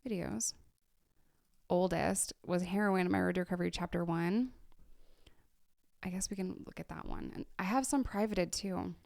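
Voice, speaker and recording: A woman's voice: fairly low pitch, moderate pace, creaky, pauses often, darkish tone, no echo, clean studio sound. A woman in long-term recovery, chatting casually as she reacts to her own old videos, laughing often and sometimes dropping to a whisper. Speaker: YouTuber in recovery.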